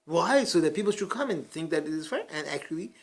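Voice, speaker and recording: Male Talmud class teacher, husky, animated casual storyteller with fillers. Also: a little high, fast. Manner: animated storyteller, many fillers and restarts, acts out quotes. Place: study hall class.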